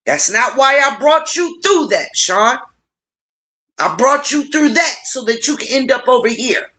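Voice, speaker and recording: A middle-aged woman hosting a casual livestream, warmly encouraging her viewers and talking to them directly. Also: a little slow. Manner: warm, encouraging, animated with big pitch swings; playful, addresses viewers directly. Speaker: livestream host.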